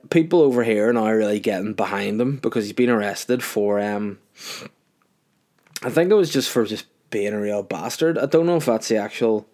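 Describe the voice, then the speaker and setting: A man's voice: on the low side, darkish tone. Man, 30s, northern irish accent, solo podcast rant, profane, rambling, mocking. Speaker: podcast host.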